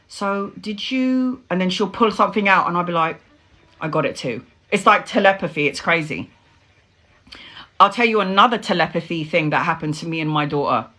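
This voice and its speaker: A middle-aged woman, a tarot reader telling stories in casual, animated chat and swearing freely. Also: mid-range voice.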